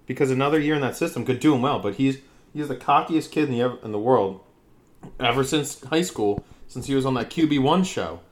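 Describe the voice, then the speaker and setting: A man's voice: medium pitch, a little fast. A young man co-hosting a podcast, chatting casually and joking around with plenty of swearing. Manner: loose, swearing, joking banter. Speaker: podcast co-host. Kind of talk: casual chat.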